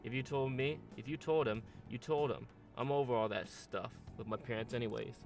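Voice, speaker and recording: A man voicing a brash, rough-talking teenage boy with a put-on drawl while reading a game's dialogue. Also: medium pitch, a little fast, a little mellow, faint music behind, natural voice. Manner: slangy, drawling put-on accent. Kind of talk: game voice-over reading.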